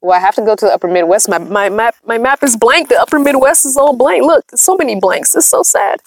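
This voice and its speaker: A slightly high female voice moves at a quick pace with no echo. Inside the van she lives in, this vlogger chats casually during a livestream, reading out the comments and laughing frequently.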